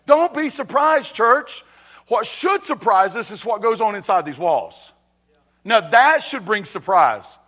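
A man preaches to his congregation in a high, light voice. He talks conversationally, restarts phrases and keeps asking if they are ready. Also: big pitch swings, a little slow, fairly bright tone. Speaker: pastor. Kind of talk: sermon. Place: church sanctuary.

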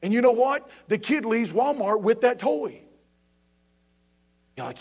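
High-voiced preaching pastor. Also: male voice, expressive, a little slow, pauses often, darkish tone, breathy edge. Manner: emphatic, repetitive preaching with southern phrasing. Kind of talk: sermon.

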